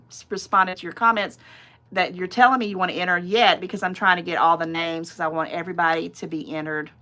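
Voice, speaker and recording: Bright, chatty woman on a livestream. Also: fairly low pitch. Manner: chatty, rambling, digressive. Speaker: channel host. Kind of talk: casual livestream chat.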